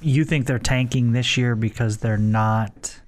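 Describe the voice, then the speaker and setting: A male co-host on a sports talk radio show, speaking from the studio. He doubts his partner's claims and presses back with pointed questions, all in a mid-pitched, conversational tone. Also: unhurried. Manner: skeptical, pushes back with questions. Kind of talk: casual sports talk debate.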